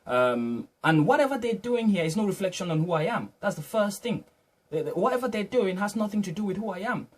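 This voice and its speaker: Male vlogger, slightly high husky voice, earnest reflective storyteller, restarts his phrases. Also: very animated, a little fast.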